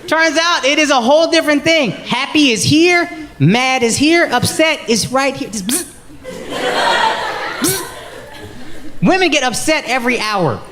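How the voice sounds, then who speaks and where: A man's voice: very high voice, expressive, measured pace, pauses often, background noise. A man doing stand-up, brashly and profanely teasing people in the audience and riffing on his relationship. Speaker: stand-up comedian. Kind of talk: stand-up crowd work and bits. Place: comedy club with a laughing audience. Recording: live club recording with crowd laughter.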